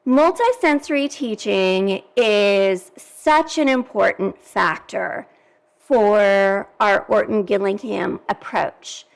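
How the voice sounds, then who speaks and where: Slow, gravelly-voiced woman teacher. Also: mid-range voice. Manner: patient, demonstrates sounds aloud. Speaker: reading teacher. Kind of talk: explanatory lesson for parents.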